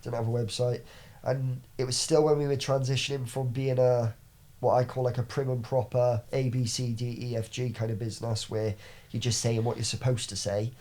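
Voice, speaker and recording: A man's voice: medium pitch, flat delivery, moderate pace, darkish tone. A young man, a podcast guest and business owner, telling stories in a rambling casual way with frequent swearing and restarts. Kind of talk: casual chat.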